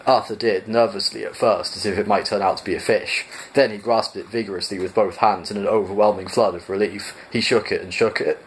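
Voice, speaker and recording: A man casually reading a novel aloud for listeners, relaxed, sometimes stumbling and restarting words. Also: fairly low pitch, fairly quick, hardly any pauses, a little hiss or hum, low-quality recording. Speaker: reader.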